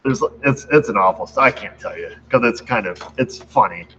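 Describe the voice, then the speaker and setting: A middle-aged auto shop owner from New York State hosts his channel, chatting casually with viewers, rambling and laughing at his own stories. His voice is on the low side yet fairly bright, with lively intonation and a moderate pace. The recording sounds dull and lo-fi, with faint background noise.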